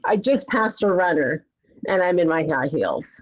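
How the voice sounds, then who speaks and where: A woman's voice: fairly low pitch, animated, normal speed, no room sound. A middle-aged woman talking as a podcast guest, telling her story with energy and acting out her own thoughts. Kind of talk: conversational interview. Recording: slightly dull, muffled audio.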